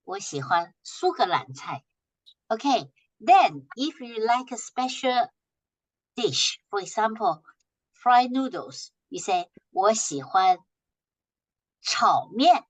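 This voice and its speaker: A woman teaching a language class, patiently repeating short phrases slowly for her students to echo. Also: mid-range voice, big pitch swings.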